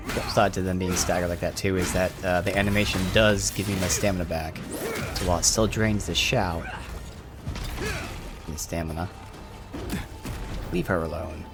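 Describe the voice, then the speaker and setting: A man's voice: low voice, steady tone, brisk, over music. A man with a Philadelphia accent giving chatty, offhand let's-play commentary at his desk mic, swearing casually. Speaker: gameplay commentator.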